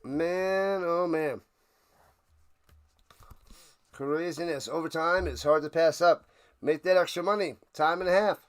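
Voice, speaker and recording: A man's voice: fairly high pitch, moderate pace. A man hosting a live football watch party, calling plays and making chatty, jokey asides. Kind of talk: casual livestream play-by-play.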